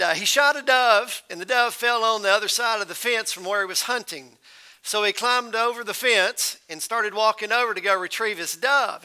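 Male pastor, folksy sermon storyteller, high clear voice. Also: bright, forceful tone.

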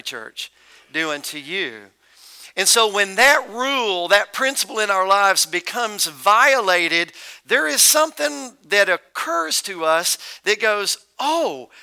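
Bright-toned joking pastor, a man. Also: sits high, creaky, clean tone. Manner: conversational, joking storyteller. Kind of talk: sermon.

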